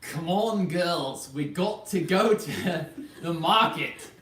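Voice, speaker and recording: A man's voice: on the high side, animated, slow pace, fairly bright tone. A man putting on a Scottish accent to play a bossy, tough-talking man, in a roomy room. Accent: put-on Scottish. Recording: roomy, distant mic, faint noise.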